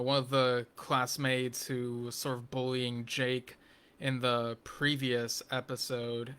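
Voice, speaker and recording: A man reviewing a TV episode in a slow, unhurried, rambling way, with a bright, forward tone that stays fairly level in pitch. He keeps circling back with ums and restarts and slips in wry, geeky asides. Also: clean tone. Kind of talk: casual spoken TV episode review.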